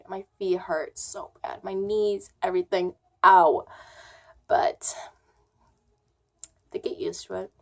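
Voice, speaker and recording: Slow, rambling young woman vlogger. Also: mid-range voice. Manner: rambling, filler-heavy storytelling. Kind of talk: casual story time.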